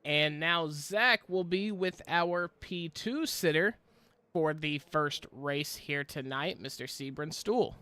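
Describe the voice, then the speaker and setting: A man interviews a driver from the booth, polite and a little halting. His voice sits a touch high and sounds smooth and clear. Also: pushed and bright. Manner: polite, slightly halting questions. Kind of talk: post-race interview.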